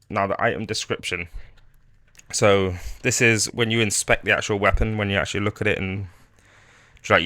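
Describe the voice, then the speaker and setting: A man's voice: fairly low pitch, dry recording, studio quality. A man casually talking through a modding tutorial on his screen, rambling a bit, with fillers and restarts. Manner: relaxed, rambling explanation with frequent fillers and restarts. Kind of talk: screen-recorded software tutorial.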